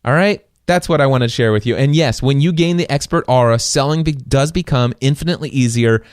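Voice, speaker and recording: A man's voice: medium pitch, fairly quick, clear, resonant tone, no room sound. A man hosting his own podcast from a small studio, telling stories with enthusiasm and acting out quoted dialogue. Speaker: podcast host. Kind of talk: solo podcast monologue. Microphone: studio microphone.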